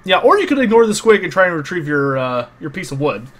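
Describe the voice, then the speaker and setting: Higher-voiced man running a tabletop game. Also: big pitch swings, fast talker, a crowd in the background. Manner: explains rules patiently, with frequent uh fillers. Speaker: game master.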